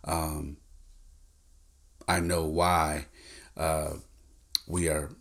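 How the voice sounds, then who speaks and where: Man, very low voice, casual podcast monologue, direct and chatty, lots of ums and restarts. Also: little pitch movement, drawn-out words, a bit bright. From San Jose, California. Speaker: podcast host.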